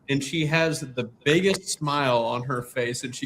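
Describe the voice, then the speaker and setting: A man's voice: mid-range voice, a little fast, few pauses, a bit bright, slight background noise, rough recording. A man telling a self-mocking story about complaining on a climb, chuckling along. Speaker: climb team member. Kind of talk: casual storytelling.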